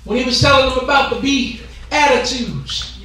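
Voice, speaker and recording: A high-voiced, bright-toned man preaches a Pentecostal sermon, punctuating his phrases with gasped "huh"s and stretching out his words as he shouts. His voice carries through a very echoey church sanctuary, picked up from a distance. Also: a little slow. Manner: call-and-response preaching with rhythmic "huh" gasps; shouting and drawing out key words.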